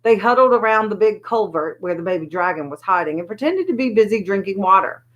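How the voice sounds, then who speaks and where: A woman reading a children's chapter book aloud, with lively, expressive storytelling. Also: medium pitch, a little fast, lo-fi sound. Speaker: storybook reader.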